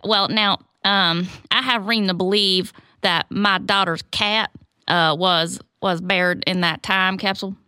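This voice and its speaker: A woman's voice: medium pitch, fairly even intonation, measured pace, bright, forceful tone, clear, resonant tone, no echo, clean studio sound. A woman playing a meek, odd Southern townswoman in an improvised comedy, hesitant and full of ums. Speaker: guest.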